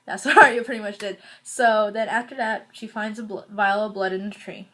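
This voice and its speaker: A woman's voice: medium pitch, steady tone, fairly quick, a bit bright. A woman hosting a casual recap video, talking in a rambling, chatty way full of fillers and restarts. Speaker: video host reviewing a TV episode.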